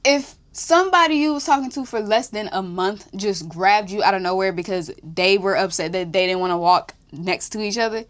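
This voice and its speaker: A young woman hosting a podcast, telling a story in casual chat, animated, swearing freely and breaking into laughs. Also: mid-range voice, normal speed, hardly any pauses. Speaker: podcast host.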